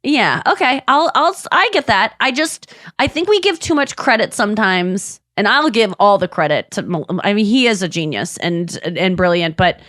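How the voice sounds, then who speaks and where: A woman hosting a podcast in a casual chat, animated, slipping into exaggerated voices for quotes and laughing as she talks. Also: medium pitch, normal speed, few pauses, no echo, clean studio sound. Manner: frequent restarts and laughter while talking. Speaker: podcast host.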